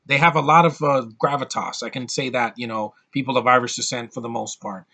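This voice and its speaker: Male vlogger reviewing a film off the cuff, mid-pitched, blunt and profane, talks in bursts with lots of restarts. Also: fairly even intonation, fairly quick, vocal fry, bright, forceful tone. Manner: ranting, blunt, swears freely, frequent restarts. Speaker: movie reviewer. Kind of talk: casual movie review vlog.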